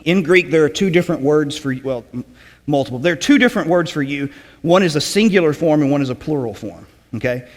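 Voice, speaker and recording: A man preaching a sermon in a conversational teaching way, often checking in with "okay?" and clearing his throat. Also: a little high, lively intonation, fast talker, long reverb tail. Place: church sanctuary.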